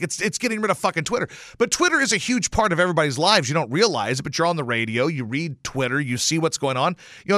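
A man hosting a podcast, delivering a casual, profane, animated rant on his own. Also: on the high side, no room sound, studio quality. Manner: animated and profane, swears often. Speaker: podcast host. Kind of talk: casual ranting monologue.

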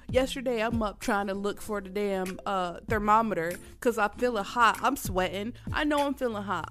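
A woman with a mid-range, slightly bright voice hosts a casual solo podcast while sick and coughing. She is candid and rambling, laughs often, and calls her listeners y'all.

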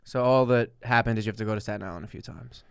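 A man's voice: lowish voice, very fast, vocal fry, clean tone, no echo, studio quality. A man in his thirties co-hosting a casual chat, easygoing and laughing along. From New Jersey. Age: 30s. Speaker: podcast co-host.

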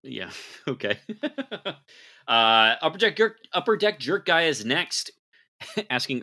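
A man's voice: on the low side, very animated, slow pace, gravelly, long pauses, pushed and bright. A man co-hosting a casual sports podcast, reading out listener questions with wry, laughing one-line answers.

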